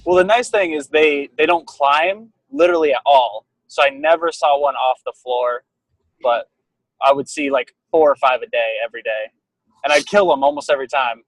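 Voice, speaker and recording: A man's voice: on the high side, normal speed, dry recording, rough recording. A man talking casually in a group podcast chat.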